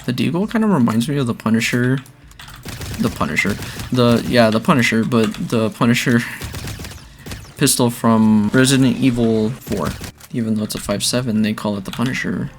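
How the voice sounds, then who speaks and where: A young man casually talking through a zombie game he is playing, rambling between bursts of excitement. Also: medium pitch, moderate pace, a little hiss or hum. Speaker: gaming video creator. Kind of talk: casual gameplay commentary.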